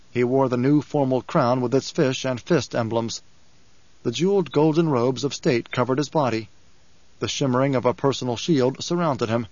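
A man reading an audiobook in a measured, steady storytelling manner. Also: mid-range voice, dry recording. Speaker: audiobook narrator. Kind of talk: scripted audiobook narration. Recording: dull dry studio recording.

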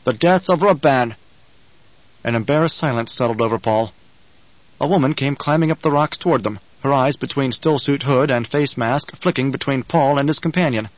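A man reads a novel aloud at an even, unhurried pace with a mid-pitched voice. The studio sound is dry, close and slightly dull. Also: no echo. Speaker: audiobook narrator. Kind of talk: scripted narration.

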